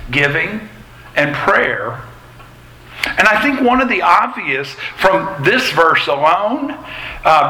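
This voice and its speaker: A man's voice: high voice, sharp tone. A middle-aged man preaching a sermon in a church, folksy and conversational with personal asides. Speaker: pastor. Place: church sanctuary. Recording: echoey church hall, faint ambience.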